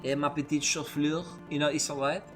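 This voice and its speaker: A man voicing a Frenchman who fumbles through English with a French accent, in a lowered, halting voice. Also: little pitch movement, music in the background, close to an everyday voice. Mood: playful.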